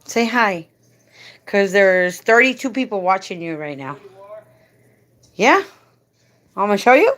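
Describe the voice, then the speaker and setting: A woman's voice: medium pitch, sing-song, unhurried, long pauses, a bit bright. A woman hosting a casual live stream, coaxing and doting as she talks to a man beside her.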